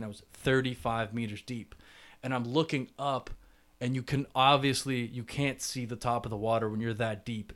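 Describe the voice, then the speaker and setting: A young man hosting a solo podcast, telling a personal story in a chatty way full of fillers and restarts. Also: mid-range voice. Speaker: podcast host.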